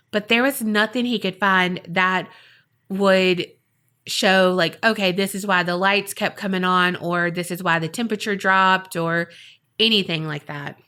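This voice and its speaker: A woman's voice: medium pitch, sharp tone. A woman cohosting a podcast tells a paranormal story in a chatty, dramatic way, with lots of casual fillers. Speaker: podcast co-host.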